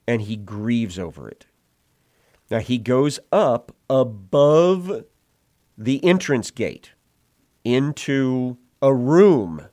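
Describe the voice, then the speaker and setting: Slow, measured preacher. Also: male voice, medium pitch, darkish tone, no echo, studio quality. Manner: measured, explanatory storytelling. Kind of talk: expository sermon.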